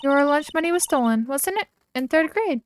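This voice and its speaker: A woman doing a bubbly high-voiced girl sidekick. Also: animated, normal speed, a little hiss or hum. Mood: eager. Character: young spirited female spirit-medium sidekick.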